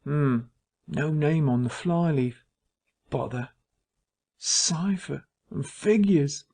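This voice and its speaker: Fussy village doctor, nervous, brisk, irritable, read by a man. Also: on the high side, animated, warm tone, heavily acted. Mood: puzzled.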